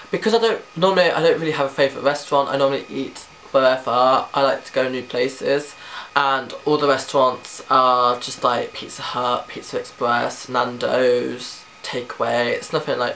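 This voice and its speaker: A man's voice: mid-range voice, creaky, fairly bright tone, slight background noise. Chatty teenage boy vlogging. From Britain. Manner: chatty and rambling, quick to giggle, casual swearing. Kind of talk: casual chat answering a tag questionnaire.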